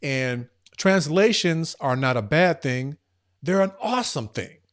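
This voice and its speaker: A man speaking as a podcast guest, earnest and emphatic, shifting between quick bursts and slow, stressed words. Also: a little high, animated. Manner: earnest and emphatic, speeding up and slowing down. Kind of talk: casual conversational podcast talk.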